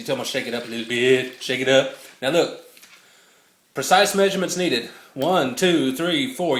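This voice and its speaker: Man, light higher voice, laughs at his own jokes while cooking, phone recording in a roomy kitchen. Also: a bit bright, slight background noise. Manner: chatty, jokey, laughs often. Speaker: home cook filming a recipe video. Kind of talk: casual cooking demo. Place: home kitchen. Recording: echoey kitchen on a phone mic.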